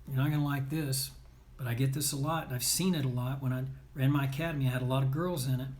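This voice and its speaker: A sports performance coach gives a motivational talk to athletes and parents, blunt, emphatic and scolding, often checking in with "right?" and "okay?". He speaks fast at a medium pitch with a steady, slightly mellow tone.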